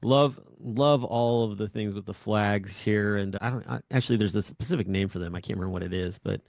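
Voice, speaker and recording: A man's voice: fairly low pitch, a little fast, gravelly, a little mellow, no room sound, clean studio sound. A man co-hosting a podcast, speaking in an upbeat, enthusiastic way in casual chat. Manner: upbeat, enthusiastic, laughs often. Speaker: podcast co-host.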